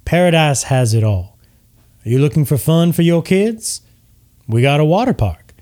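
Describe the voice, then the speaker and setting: A man voicing a smooth male tiefling resort mogul with a slick showman's sales pitch. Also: expressive, a little slow, a little mellow, natural voice. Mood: slick salesy.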